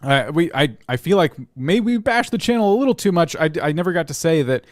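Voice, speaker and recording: A man's voice: a little high, very animated, brisk, no room sound, studio quality. A man co-hosting a livestream, reviewing channels in an easygoing, advisory way. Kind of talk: livestream casual chat.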